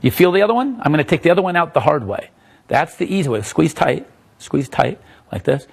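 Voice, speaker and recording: A man's voice: fairly high pitch, expressive, brisk, creaky, husky. A middle-aged man, a magician, casually walking someone through a coin trick, chatty and self-interrupting.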